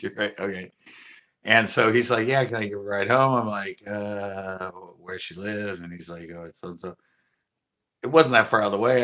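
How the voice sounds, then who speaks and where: A man hosting a casual livestream, telling a story from his youth in a rambling way with frequent laughter. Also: on the low side. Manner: laughing often, animated and rambling. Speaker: channel host.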